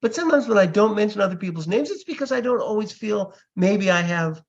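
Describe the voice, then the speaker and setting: Here the same kind of speaker, an older comedy magician on a podcast, answers an interview question by telling animated stories and mimicking others' voices. His voice is high and expressive, and he talks fast. The sound is lo-fi and a little dull.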